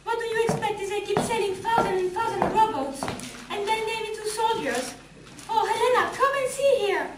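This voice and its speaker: Nana, a fretful, pious housekeeper who exclaims and scolds in a very high voice, as a woman plays her. She is heard from far off in an echoey room, over loud background hiss. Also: moderate pace. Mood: worried. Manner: alarmed, preachy, exclaiming. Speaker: student actor in a stage play. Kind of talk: amateur stage drama. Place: stage or classroom.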